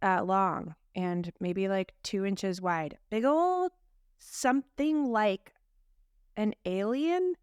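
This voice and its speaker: Chatty woman with a smooth, clear voice. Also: mid-range voice, takes it slowly, darkish tone, dry recording, clean studio sound. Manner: rambling and self-deprecating, laughs often. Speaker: podcast co-host and voice teacher. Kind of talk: casual chat.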